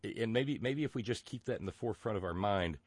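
A man's voice: lowish voice, lively intonation, fast, dry recording. A man with a Southern US accent from West Virginia, hosting a radio talk show in a folksy, rambling way with many fillers and restarts.

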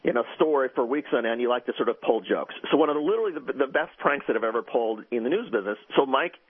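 A husky man talks fast and animated as a guest on a radio talk show, piling his words up and restarting his sentences as he goes. The sound is dry and dull, like a muffled broadcast. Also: medium pitch, no room sound. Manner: rapid, animated storytelling with frequent restarts. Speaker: guest journalist.

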